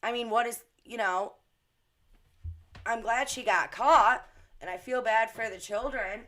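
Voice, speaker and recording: A woman's voice: on the high side, a little slow, fairly bright tone. A woman doing reaction commentary on a vlog, ranting in a blunt, indignant way. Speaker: commentary vlogger.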